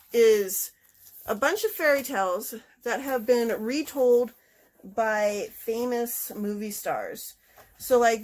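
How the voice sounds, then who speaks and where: A woman with a fairly high voice talks through her latest book haul in a relaxed, chatty way. She gets eager and bubbly over each find and scatters small fillers through her sentences. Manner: chatty and excitable, with many fillers like "like". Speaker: book vlogger. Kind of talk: casual book haul chat.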